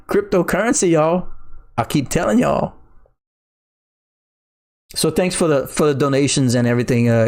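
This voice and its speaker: A middle-aged man from Louisiana with a Cajun accent, chatting casually on a crypto livestream, reading viewer comments in an excitable, slangy way. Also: a little high. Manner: excitable, laughing, slangy, says "bruh".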